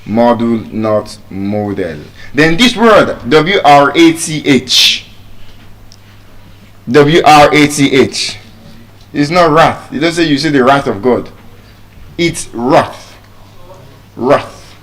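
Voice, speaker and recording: Slow, deliberate Nigerian man teaching pronunciation. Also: fairly high pitch, expressive, fairly bright tone. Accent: Nigerian English. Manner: deliberate, drills words by repeating them slowly. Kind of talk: live public speaking lesson.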